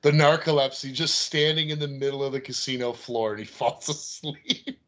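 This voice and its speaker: Male podcast co-host, casual and animated, laughs easily. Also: mid-range voice, moderate pace. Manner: animated, laughs while retelling scenes. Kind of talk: casual chat.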